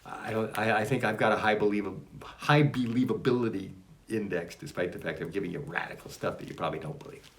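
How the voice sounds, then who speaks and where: A man's voice: fairly low pitch, fairly quick, creaky, a bit bright. A man reading aloud from his own spiritual writings and musing on each line in a rambling, self-interrupting way. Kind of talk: casual spoken reading and reflection.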